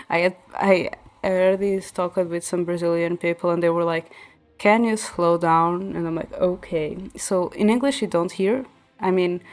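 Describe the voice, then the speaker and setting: A native Portuguese speaker from central Portugal streams while gaming, chatting casually in English with a Portuguese accent. Her medium-pitched explanations are full of restarts and fillers, with soft music playing in the background.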